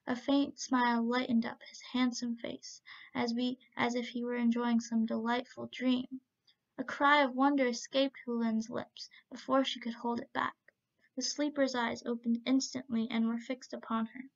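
A woman's voice: a little high, moderate pace, vocal fry. Woman reading a storybook aloud. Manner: steady narration with occasional slips. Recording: dull lo-fi recording.

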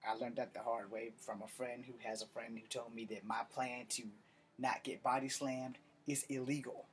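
A man's voice: medium pitch, little pitch movement, moderate pace, a little hiss or hum. Blunt, profane man telling a story. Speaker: martial artist. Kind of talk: casual storytelling monologue.

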